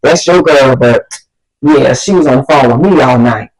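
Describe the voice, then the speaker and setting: A man's voice: medium pitch, normal speed, a little mellow, pitched below the performer's own voice, close to an everyday voice, rough recording. A woman voicing a smug teenage boy who taunts and brags in a casual retelling. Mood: taunting. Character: mocking teen boy, smug boaster.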